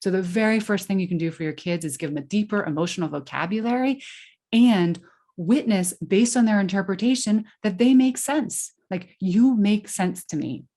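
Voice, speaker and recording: A woman's voice: mid-range voice, normal speed, mellow. A woman guest on a podcast, giving parenting advice in an earnest, explanatory way with frequent fillers and restarts. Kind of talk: conversational interview answer.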